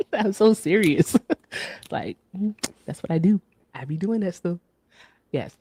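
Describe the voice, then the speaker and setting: A woman's voice: on the low side, expressive, slow, pauses often, mellow, slightly rough, dry recording. A woman hosting a casual livestream, chatty and upbeat, who keeps repeating stock phrases and laughs often. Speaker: livestream host.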